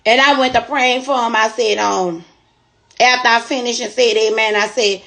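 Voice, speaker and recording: A woman's voice: a little high, steady tone, moderate pace, gravelly, fairly bright tone. A woman store owner telling a motivational testimony in a folksy, preachy storytelling way.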